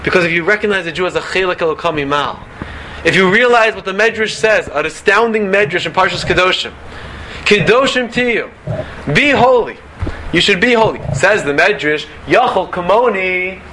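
A man giving an animated Torah lecture, full of rhetorical questions and Hebrew and Yiddish terms. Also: high voice, moderate pace, slight background noise. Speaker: rabbi giving a Torah talk.

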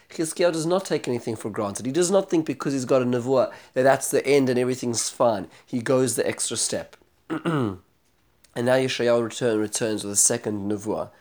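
A man teaching a scripture class in a lively, animated way. His voice sits at an ordinary middle pitch. He often stops, restarts and corrects himself as he explains. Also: normal speed. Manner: animated, dramatic when retelling speeches; frequent restarts and self-corrections. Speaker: Bible teacher. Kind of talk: spoken lecture on scripture.

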